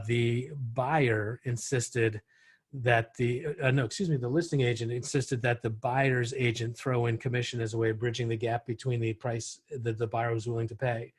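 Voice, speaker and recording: A middle-aged man leading an online real estate training session, talking in a conversational way with frequent restarts. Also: mid-range voice.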